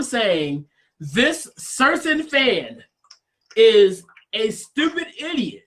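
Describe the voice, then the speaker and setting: Loud, teasing wrestling show co-host man. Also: very high-pitched, very animated, drawn-out words. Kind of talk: casual trash-talk banter.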